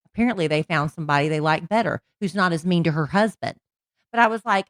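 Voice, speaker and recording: A woman's voice: lowish voice, fast, fairly bright tone, no room sound, studio quality. A woman, co-hosting a podcast, teasing and laughing as she chats. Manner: playful, teasing, laughs often. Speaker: podcast co-host. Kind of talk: casual storytelling chat. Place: in a car.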